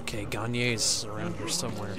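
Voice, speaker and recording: A young man doing casual let's-play commentary, joking and swearing a lot, with animated outbursts. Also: fairly low pitch, moderate pace. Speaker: gameplay commentator. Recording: faint game music behind.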